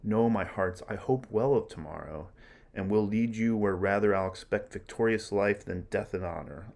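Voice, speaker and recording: A man's voice: on the low side, creaky, a little mellow. A man reading as a mournful Roman general. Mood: rallying. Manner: recited Shakespeare verse, measured. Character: male Roman general, aging, grandly mournful. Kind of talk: dramatic reading in a lecture.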